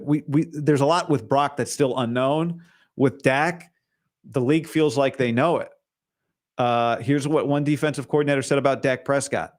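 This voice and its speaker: A man hosting a solo sports talk show, opinionated and hedging, with frequent restarts. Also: medium pitch.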